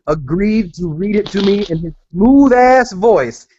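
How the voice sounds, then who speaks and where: A man with a high voice speaks on an MMA podcast, blunt and sarcastic as he brushes off a story. The sound is muffled and lo-fi. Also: lively intonation, a little slow, dark tone, slight background noise. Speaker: podcast co-host. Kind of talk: casual profane sports chat. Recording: muffled lo-fi audio.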